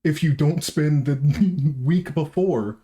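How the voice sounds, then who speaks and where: A show host with a mellow, mid-pitched voice chats casually with a guest. The tone is playful and teasing, light conversational banter. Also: slow. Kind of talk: casual interview chat.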